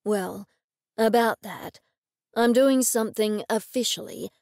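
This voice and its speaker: A woman narrator puts on a steady, protective male detective in an audiobook. He speaks hesitantly and earnestly, with a slightly gravelly texture. The sound is dry and close. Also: fairly high pitch, unhurried, no room sound. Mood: explaining.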